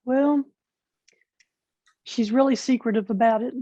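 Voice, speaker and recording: Client lady, mellow higher voice, short plain answers, dull dry sound. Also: measured pace, no room sound. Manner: brief, matter-of-fact answers.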